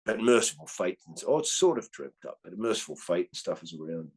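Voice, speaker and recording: A man in his fifties with an Australian accent, swearing freely and tagging his lines with "right?" as he tells animated stories in a casual chat. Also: low-pitched, brisk, slightly rough. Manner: animated storyteller. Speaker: guest comedian.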